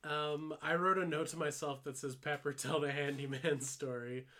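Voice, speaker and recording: A man's voice: fairly high pitch, fairly even intonation, moderate pace, a bit bright. Rambling young man telling a story. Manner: rambling, full of "like" fillers, laughs while telling stories, swears freely. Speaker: podcast co-host. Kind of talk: casual storytelling chat.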